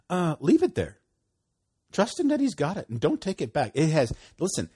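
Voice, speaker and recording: A man giving a casual, animated sermon, often laughing and acting out conversations. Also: on the high side, slightly rough. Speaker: preacher.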